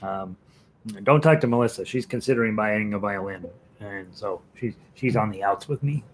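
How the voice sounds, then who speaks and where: A man's voice: fairly low pitch, normal speed, slight background noise. A middle-aged man teaching a casual live-stream ukulele class, chatty and joking with students, counting in the tunes. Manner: counts in and calls out notes while playing.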